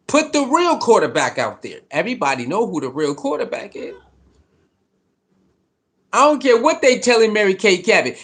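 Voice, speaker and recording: A man's voice: fairly high pitch, big pitch swings, moderate pace, fairly bright tone. A man delivering a heated, profane sports commentary rant, repeating his points with mounting frustration. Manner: fired-up, profane, repetitive.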